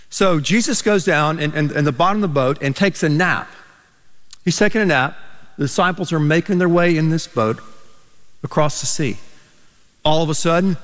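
A pastor preaching a sermon, telling stories with animated, emphatic delivery. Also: male voice, on the high side, moderate pace. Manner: animated storytelling, rising to emphatic peaks. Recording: reverberant church hall.

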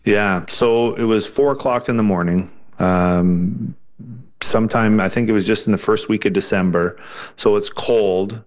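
A male guest recounting a personal turning point with sincere feeling. He speaks in a fairly low voice, pausing and restarting as he goes. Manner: earnest, halting, with restarts. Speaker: interview guest. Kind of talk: personal testimony storytelling.

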